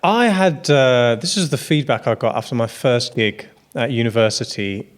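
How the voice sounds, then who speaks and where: A man from the West Midlands, a comedian guest on a panel show, telling a comic anecdote with hesitant, stumbling pauses. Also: medium pitch. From West Midlands, England.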